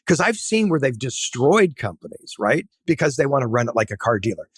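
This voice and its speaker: A middle-aged man speaks as a podcast guest, pressing his points with blunt, emphatic advice and tagging his sentences with "right?". His voice sits at an ordinary pitch. The sound is close and dry, with no room around it. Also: very animated, brisk, breathy edge, no echo. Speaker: podcast guest, tech entrepreneur. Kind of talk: casual interview talk.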